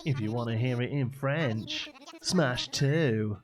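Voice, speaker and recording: A man's voice: medium pitch, takes it slowly, soft background music, natural voice. A British man mimicking a perky, trendy young woman's automated phone voice, chirpy and drawn out.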